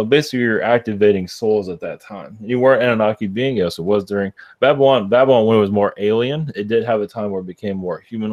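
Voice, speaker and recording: A man giving a spiritual channeling reading to callers in a calm, measured way. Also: on the low side, dry recording.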